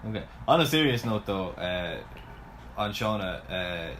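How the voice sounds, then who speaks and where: Young man, co-host, lowish bright voice, dry teasing delivery. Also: animated, measured pace, a little hiss or hum. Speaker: podcast co-host. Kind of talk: casual podcast banter.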